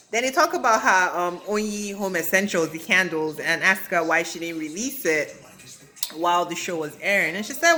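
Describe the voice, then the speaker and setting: Bright, chatty woman dishing gossip. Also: fairly low pitch, animated. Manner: chatty, gossipy, quick asides. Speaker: reality TV commentator. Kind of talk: casual recap vlog.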